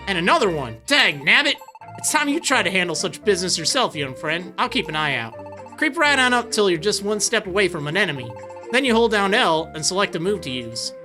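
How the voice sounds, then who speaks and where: A woman's voice: mid-range voice, very animated, a little fast, bright, forceful tone, faint music behind. A woman voicing a folksy, country-talking male leaf creature who acts as a helpful guide in a game, with a drawling, homespun manner. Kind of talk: reading game dialogue aloud.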